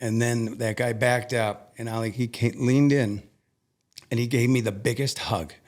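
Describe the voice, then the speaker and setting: A man's voice: mid-range voice, steady tone, normal speed, darkish tone. A man, a podcast guest, telling a personal story in an earnest, emotional way, often restarting his sentences.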